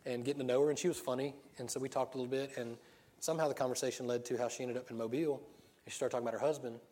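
A man preaching a sermon in a relaxed, conversational way. He tells stories, asks his listeners rhetorical questions and laughs often. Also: medium pitch, very fast.

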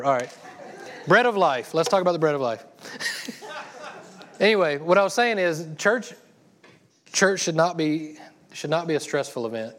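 A middle-aged pastor with a high-leaning voice preaches a sermon in a brisk, animated, casual and chatty way, restarting often.

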